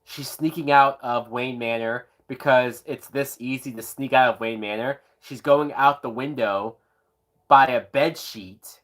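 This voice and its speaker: A man's voice: mid-range voice, fairly even intonation, measured pace, fairly bright tone. A tipsy man giving sarcastic, profanity-laced live commentary while watching a movie, breaking into whooping laughs. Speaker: movie reviewer.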